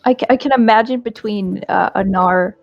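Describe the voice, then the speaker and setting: Gravelly-voiced woman, chatty game player. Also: mid-range voice, moderate pace, no echo, highs cut off, faint music behind. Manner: chatty, fillers. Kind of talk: casual tabletop role-play.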